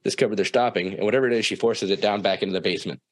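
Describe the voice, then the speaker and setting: A young man from South Dakota, a guest telling a personal story in a casual, profane, animated way, acting out the people in it. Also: on the low side, racing.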